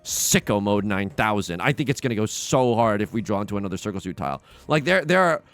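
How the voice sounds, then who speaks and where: A young man giving casual, excitable commentary on his own gameplay, talking to viewers and trash-talking opponents. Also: fairly low pitch, fast talker, very noisy. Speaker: let's play host. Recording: game music underneath.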